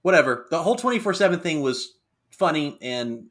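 A young man co-hosting a casual wrestling recap podcast, animated and quick to laugh. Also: fairly high pitch. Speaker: podcast co-host.

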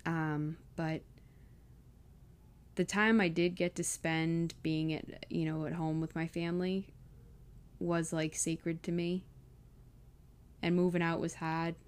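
A woman's voice: deep voice, flat delivery, takes it slowly, pauses often, smooth. A young woman vlogging casually about leaving home, emotional and close to tears, with many fillers. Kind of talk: casual personal vlog.

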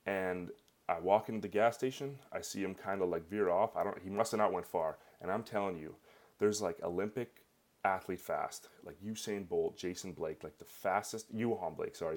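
A young Canadian man with a Canadian accent telling a personal story in a rambling, casual way, full of fillers. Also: low-pitched. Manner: rambling, filler-heavy, animated.

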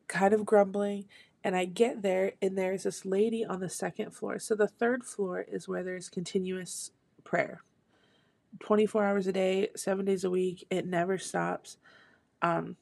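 A woman's voice: medium pitch, gravelly, a little mellow, dry recording. A woman giving an earnest, personal devotional testimony. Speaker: speaker sharing a testimony.

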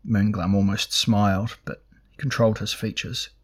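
Male audiobook narrator, low voice, flat, measured delivery. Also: slightly rough. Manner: measured, even storytelling. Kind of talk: scripted fantasy narration.

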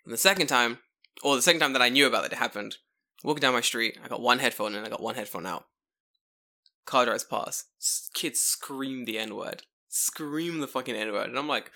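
A young man with a London accent tells a story on a podcast with lively energy. His voice is bright and forceful, and he swears freely while acting out every voice in the tale. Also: medium pitch, brisk, vocal fry. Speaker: podcast co-host. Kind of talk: casual storytelling chat.

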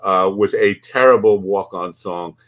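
A man's voice: low voice, unhurried. A man hosting a podcast, chatting casually in a rambling, crude, joking way. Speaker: podcast host. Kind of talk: casual chat.

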